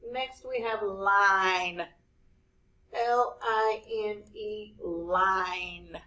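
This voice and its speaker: A woman teacher leading a spelling lesson for young children, spelling each word slowly letter by letter. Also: mid-range voice, fairly even intonation, pushed and bright, poor audio. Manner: slow, clear, spelling words out letter by letter.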